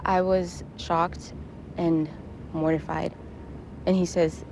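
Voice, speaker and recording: A woman giving an emotional interview, speaking haltingly and repeating her words. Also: fairly low pitch, flat delivery, vocal fry, background noise. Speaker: interviewee recounting her past.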